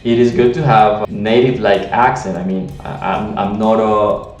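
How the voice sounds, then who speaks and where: A man's voice: lowish voice, steady tone, moderate pace, far from the mic, a little hiss or hum. Latin American–accented man teaching in an echoey room. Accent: Latin American Spanish. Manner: earnest, with frequent restarts and "I mean". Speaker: language teacher. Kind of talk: teaching monologue to camera.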